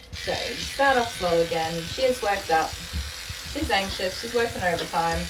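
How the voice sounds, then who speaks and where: A woman dog groomer talks through her work in a calm, explaining way and softens into soothing coos for the dog. She sits some way back from the camera mic in an indoor salon. Clippers buzz clearly behind her. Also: fairly low pitch, moderate pace. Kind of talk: narrating a grooming session on camera. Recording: distant voice with clipper and dog noise.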